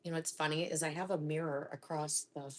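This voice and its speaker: A middle-aged woman from Florida hosts a live cooking stream from her home kitchen, her voice sitting on the lower side. She chats loosely and laughs often, now and then sinking into a soft half-whisper. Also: steady tone, a little fast. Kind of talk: casual chat while cooking.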